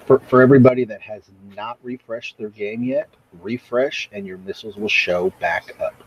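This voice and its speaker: A man's voice: on the low side, moderate pace, a little hiss or hum. A man co-hosting a live game show, steadily reading out patch notes in an announcing manner. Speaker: co-host. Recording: dull lo-fi audio.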